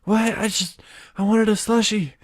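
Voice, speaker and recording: A man's voice: fairly even intonation, moderate pace, no echo, clean studio sound, natural voice. A man voicing a bewildered, flustered young man who keeps apologizing in a pleading tone. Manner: high-pitched, flustered and pleading.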